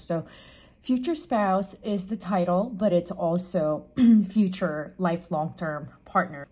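Soft-spoken woman giving a tarot reading. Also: lowish voice. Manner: chatty, repeats and restates phrases. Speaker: psychic tarot reader. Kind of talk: casual tarot reading to camera.

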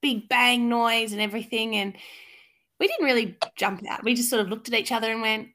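A woman co-hosting a podcast in casual chat, relaxed and quick to laugh as she tells anecdotes about her kids. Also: fairly high pitch. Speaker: podcast co-host.

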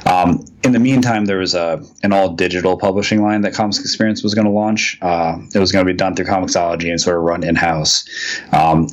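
A man, a comics writer, telling a long anecdote as a podcast guest, rambling with frequent ums and restarts. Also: low-pitched. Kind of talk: casual storytelling in a podcast interview.

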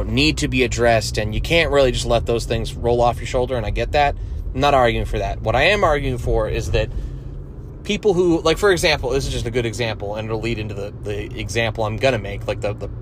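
A man's voice: medium pitch, a little hiss or hum. A young man hosting a solo podcast, talking casually with crude jokes, lots of swearing and rambling asides. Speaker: podcast host.

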